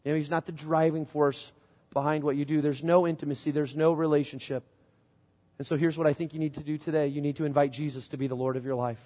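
A middle-aged pastor from Illinois preaches a sermon in a church sanctuary, telling a story in a conversational style. His fairly high voice is fast, level, and dark in tone, carried by the long reverb of the church hall.

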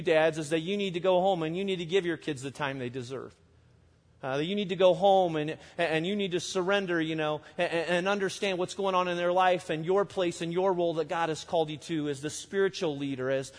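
A man's voice: high voice, brisk. A man preaching a sermon as pastor, in a conversational way full of "you know" and "I mean". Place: church. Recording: long reverb of a church hall.

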